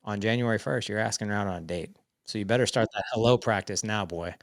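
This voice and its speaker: Low-voiced man in his forties, dry sound. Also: quick pace, gravelly, no room sound. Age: 40s. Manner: animated, quotes family dialogue in stories. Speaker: podcast guest. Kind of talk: casual storytelling chat.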